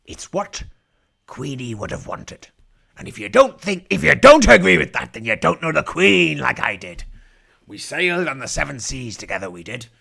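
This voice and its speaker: Gravelly man doing pirate commentary. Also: a little high, big pitch swings, moderate pace, sharp tone. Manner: growling pirate asides, irreverent and mock-solemn. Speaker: live-stream commentator. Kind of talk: jokey live commentary in a mock pirate voice. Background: faint music from the broadcast feed.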